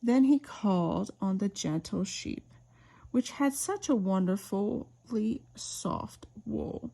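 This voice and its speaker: A woman reading an old bedtime story aloud in a gentle, unhurried way. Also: medium pitch, animated, creaky.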